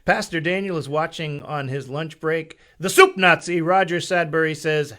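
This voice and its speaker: A man hosting a casual church live stream, chatty, with halting restarts and easy laughter. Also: on the high side, lively intonation, sharp tone. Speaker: church webcast host.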